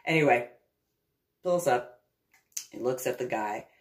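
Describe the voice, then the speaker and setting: A woman casually telling a long personal story in a rambling, animated way, with laughs and restarts along the way. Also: a bass voice, a little slow.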